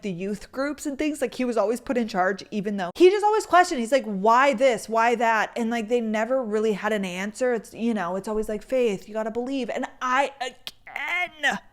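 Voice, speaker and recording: A young woman in her twenties hosting a podcast, telling a story in a chatty, animated, self-deprecating way. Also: on the high side. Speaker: podcast host. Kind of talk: casual storytelling chat.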